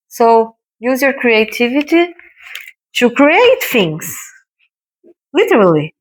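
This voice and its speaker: A woman hosting a casual painting tutorial, chatting gently and encouragingly as she paints. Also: a little high, sing-song, slow pace, pauses often, low-quality recording. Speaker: watercolor artist hosting a painting video.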